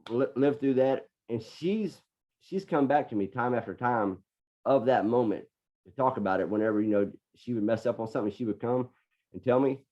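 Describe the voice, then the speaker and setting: A dark-toned, mid-range male voice moves at a moderate pace, belonging to a middle-aged podcast guest. Earnestly relating a personal story, he often repeats words while sorting out his thoughts. The recording is dull lo-fi podcast audio.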